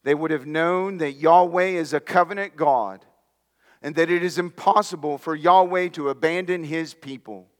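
A man's voice: a little high, normal speed, big-room sound. A man preaching a sermon as pastor, emphatic, sometimes dropping to near-whispers for stress, and calling his listeners friends. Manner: addresses listeners directly as friends.

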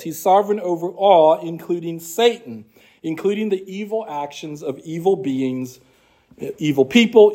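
A man's voice: sits high, darkish tone. A man teaching an apologetics class, explaining scripture in a conversational way and reading passages aloud.

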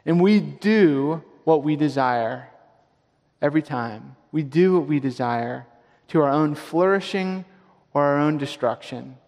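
A man preaching a sermon with emphatic delivery, repeating his key lines slowly for weight. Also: a little high, lively intonation, a little mellow. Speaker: pastor. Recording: long reverb of a large hall.

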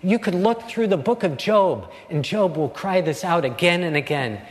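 A man preaching a sermon as a pastor, slow and earnest, with dramatic pauses. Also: sits high, lively intonation, big-room sound.

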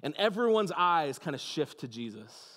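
A pastor giving a sermon, telling the story with dramatic pauses and dropping to a hushed, soft voice. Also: male voice, a little high, very animated, big-room sound.

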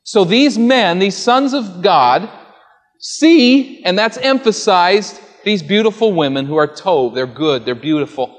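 A man's voice: high voice, lively intonation, measured pace, few pauses. A man preaching an expository sermon, teaching earnestly and putting rhetorical questions to his listeners before answering them. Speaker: pastor. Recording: long hall reverb.

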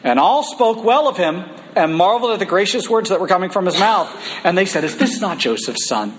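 A man preaching a sermon in a church, reading scripture and breaking into casual, animated asides. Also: sits high, brisk, a little hiss or hum, poor audio.

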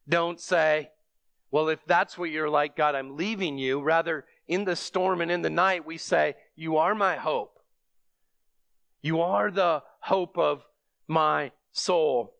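A preacher delivers a sermon in an earnest, steady manner, breaking into emphatic bursts whenever he repeats a phrase. His clear, resonant voice sits a little high for a man. The recording is dry and close, with no room sound.

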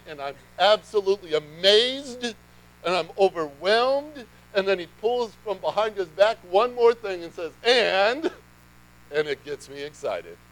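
A man's voice: sits high, low-quality recording. A man preaching a sermon in a conversational way that builds to emphatic bursts. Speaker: pastor.

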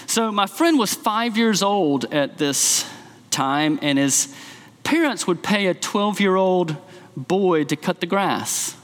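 A male pastor preaching a sermon and telling a story with animated acted quotes. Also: high-pitched, slow pace. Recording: long hall reverb.

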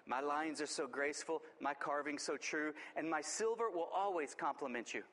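A man voicing a vain silver urn that flatters its master in a courtly way, inside a sermon parable. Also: a little high, normal speed, big-room sound, lightly acted. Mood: fawning. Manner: fawning, courtly.

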